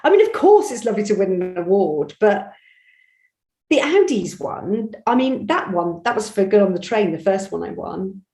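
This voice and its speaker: A woman from Bristol with a Bristol accent, an audiobook narrator chatting animatedly in an interview, telling stories with quick restarts. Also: medium pitch, sing-song, mellow, roomy sound. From England. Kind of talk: conversational interview.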